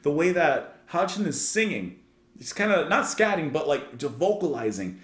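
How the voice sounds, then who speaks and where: Animated man gushing over a song. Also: a little high, normal speed, echoey room. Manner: enthusiastic, rambling, full of "like" and restarts. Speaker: music reaction channel host. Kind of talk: casual spoken song review.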